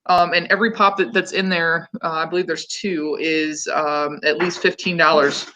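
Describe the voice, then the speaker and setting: A woman's voice: low-pitched, little pitch movement, moderate pace, sharp tone, a little hiss or hum. A woman hosting a casual livestream, chatting loosely with many ums and restarts. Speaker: host.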